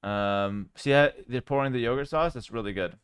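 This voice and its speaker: Male streamer, casual chat, smooth clear voice, dry close sound. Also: medium pitch, moderate pace, no room sound. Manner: relaxed and chatty, with frequent fillers.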